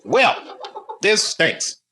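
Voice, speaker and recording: A man doing live stand-up, telling a rambling story, laughing at his own jokes and bantering with the crowd. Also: drawn-out words. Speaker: stand-up comedian. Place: stage in a comedy club. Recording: live stage recording with noisy audience. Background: audience laughter.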